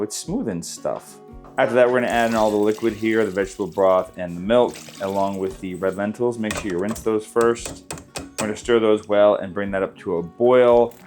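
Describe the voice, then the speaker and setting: A man's voice: lowish voice, a little fast, darkish tone, faint music behind. A man hosting a casual cooking video, walking through a recipe in his home kitchen in an easygoing, chatty way. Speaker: cooking channel host.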